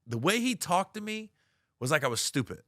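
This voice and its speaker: A middle-aged man telling a comic story about a friend who owes him money, animated and profane, acting out the other people's lines. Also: sits high, fairly quick, dry recording, studio quality. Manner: animated, profane, acts out quoted voices. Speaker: comedian. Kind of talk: storytelling comedy bit.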